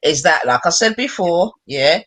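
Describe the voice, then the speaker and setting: A speaker arguing forcefully and impatiently in a heated online debate, talking over others. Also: mid-range voice, lively intonation, moderate pace. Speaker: debate participant.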